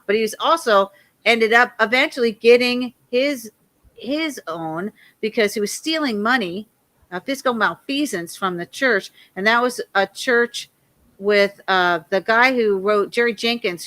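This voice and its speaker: A woman in her fifties, a guest telling a long rambling story in a loud, animated way and laughing often. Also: on the high side, a little slow.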